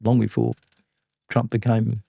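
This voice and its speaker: Older Australian male mentor, warm-toned, animated raconteur, dry close sound. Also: lowish voice, measured pace, creaky, breathy edge, no room sound. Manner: animated anecdotes, blunt and salty. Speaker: podcast guest, business mentor. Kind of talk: casual interview storytelling.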